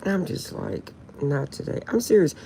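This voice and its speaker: Gravelly woman chatting and laughing. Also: low-pitched, animated, moderate pace, mellow, a little hiss or hum. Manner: laughing, keeps insisting she is serious. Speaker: live streamer. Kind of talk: casual late-night live-stream chat.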